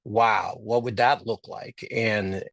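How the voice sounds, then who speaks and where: A man's voice: on the low side, steady tone, slow pace, gravelly, a bit bright, no room sound. A man co-hosting a business podcast, chatting casually and joking, thinking aloud with restarts. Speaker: podcast co-host.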